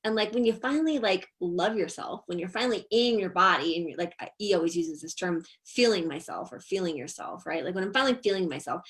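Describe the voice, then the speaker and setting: A woman's voice: fairly low pitch, expressive, brisk, few pauses, poor audio. Blunt, profane woman leading a group talk. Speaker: masterclass host. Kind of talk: casual group discussion.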